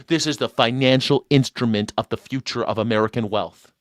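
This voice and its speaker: A man hosting a live call-in stream, talking in a mocking, sarcastic way and swinging between mock outrage and low asides. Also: a little fast, no echo, studio quality.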